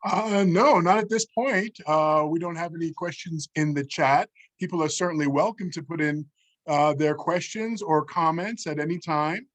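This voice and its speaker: A man's voice: on the high side, normal speed, a bit bright. A man moderating an online workshop, politely and hesitantly reading questions from the chat with many fillers. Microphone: video call.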